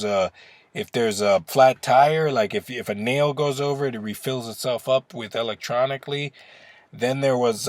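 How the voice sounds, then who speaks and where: A man's voice: mid-range voice, no echo. Rambling, profane man ranting. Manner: rambling, profane, restarts mid-sentence. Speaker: vlogger. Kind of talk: casual opinion rant.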